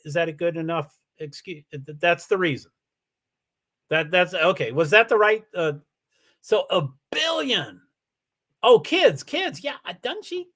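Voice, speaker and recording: Male livestream host, high and lively voice, rambling chat to viewers, stumbles and restarts often. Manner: rambling, animated, many restarts. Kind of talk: casual livestream chat, reading viewer comments.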